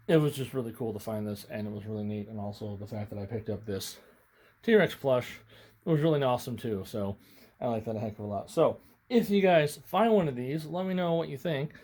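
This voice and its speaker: A man's voice: medium pitch, mellow. Breathless, rambling man reviewing a toy. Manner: rambling, stammering, self-apologetic. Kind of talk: casual unscripted toy review. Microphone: camera mic, handling toys on camera.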